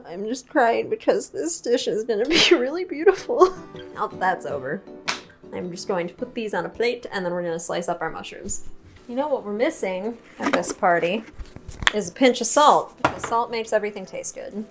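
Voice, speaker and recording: A woman's voice: medium pitch, lively intonation, normal speed, pauses often, music in the background. A young woman hosting a home cooking tutorial in a kitchen, chatty, playful and self-mocking, laughing often at her own slips. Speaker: cooking show host.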